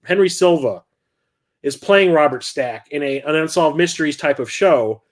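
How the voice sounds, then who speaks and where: A middle-aged man hosting a casual talk about his film collection, rambling and enthusiastic, with many fillers. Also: fairly high pitch. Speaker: host.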